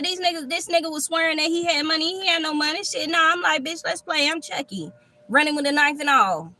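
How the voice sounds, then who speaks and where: Woman tarot reader, high and bright, profane and animated, live on her phone in a park. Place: outdoors at a park.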